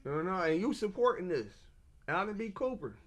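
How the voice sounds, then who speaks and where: A man's voice: high voice, very animated, moderate pace, a bit bright. A man in an agitated casual monologue rant, stammering and repeating himself. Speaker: self-published author.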